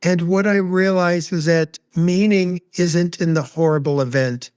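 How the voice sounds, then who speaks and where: A man speaking as a guest expert on grief, sharing a personal story in an earnest, measured, heartfelt way. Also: high voice, fairly even intonation, darkish tone, clean tone, no room sound, clean studio sound.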